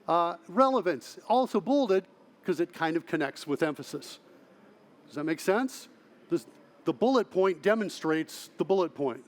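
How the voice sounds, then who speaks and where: High-voiced man giving a lively tech talk. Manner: lively, asks audience "right?" often, self-correcting restarts. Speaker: conference speaker. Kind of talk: technical conference talk. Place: large conference hall.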